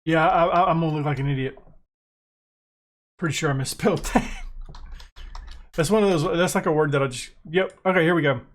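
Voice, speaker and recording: American guy, gaming commentary, excitable, self-mocking, a bit high-voiced. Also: fairly quick, pauses often. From United States. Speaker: gaming YouTuber. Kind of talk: casual gameplay commentary.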